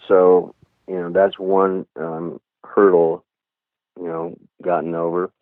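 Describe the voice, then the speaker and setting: A low-pitched middle-aged man talks candidly as an interview guest. He rambles, circles back and fills gaps with "you know". His voice comes through a dry, tinny phone line. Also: flat delivery, slow, no room sound. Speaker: guest musician.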